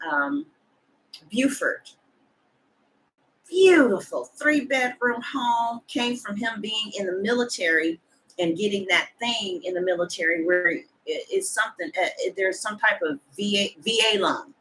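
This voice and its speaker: Chatty blunt woman with a bright voice. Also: fairly high pitch, low-quality recording. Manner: chatty, gossipy and blunt, with slang and swearing. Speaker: tarot reader. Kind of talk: casual chat to camera.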